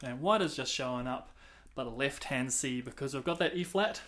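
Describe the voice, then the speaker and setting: A man's voice: mid-range voice, moderate pace, a bit bright, faint music behind. A man teaching clarinet, counting and singing rhythms aloud between casual explanations. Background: clarinet playing between talk.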